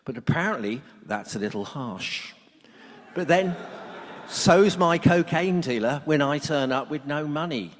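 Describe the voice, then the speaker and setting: This is a middle-aged man with a fairly high, animated voice and a measured pace. Blunt and fond of jokes, he tells stories in a humorous talk to a workshop audience, and the conference hall gives the recording a long reverb.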